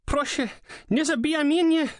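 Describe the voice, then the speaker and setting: A man's voice: moderate pace, no room sound, clean studio sound. A man putting on a terrified sobbing woman. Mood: pleading, terrified. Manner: high, pleading, shrill. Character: terrified wounded young Polish woman, sobbing.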